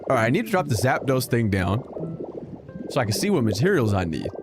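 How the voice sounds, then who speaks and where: A young man streaming a game, giving casual commentary that is joking, animated and full of swearing. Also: medium pitch, fairly quick. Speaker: gaming streamer. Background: game music.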